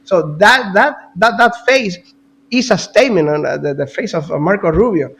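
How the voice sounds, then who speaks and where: A man talking as a guest analyst in casual political commentary, animated, repeating words and now and then coughing. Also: sits high, moderate pace, rough recording.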